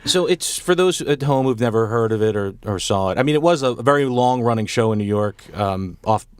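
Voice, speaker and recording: A man speaks at an ordinary pitch with a wry, playful turn. His voice sounds dry and close, with almost no room around it. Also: expressive, a little fast, darkish tone, clean tone, dry recording. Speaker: podcast guest, actor. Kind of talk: casual chat.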